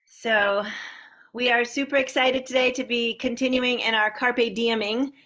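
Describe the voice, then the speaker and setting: A woman hosts an online sing-along and cheerfully welcomes people one by one. Her voice sits high. It stays fairly level in pitch as she talks over a video call. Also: fairly even intonation, unhurried. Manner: warm, upbeat greetings to a long list of participants. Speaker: host.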